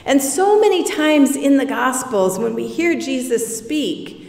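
A woman's voice: high-pitched, lively intonation, measured pace, vocal fry, a little mellow. A woman pastor preaching a sermon in a reflective, conversational way. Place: church sanctuary. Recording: echoey church hall, from far off.

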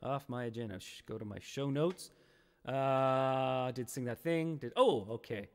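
A man's voice: medium pitch, measured pace, creaky. A man hosting a casual livestream, chatting playfully with viewers and reading their comments aloud in a rambling way. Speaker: livestream host. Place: home studio in Kingston, Ontario. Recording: long reverb.

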